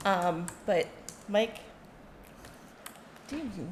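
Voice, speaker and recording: A woman giving emotional public comment at a town meeting, close to tears and joking between halting fillers. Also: medium pitch, animated, a little hiss or hum. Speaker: resident speaking at public comment.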